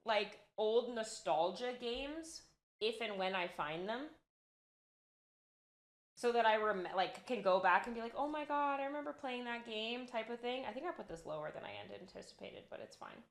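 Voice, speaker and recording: A woman's voice: medium pitch, normal speed. Chatty young woman streamer, roomy echo. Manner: chatty, rambling, easily excited. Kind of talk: casual live-stream chat while crafting.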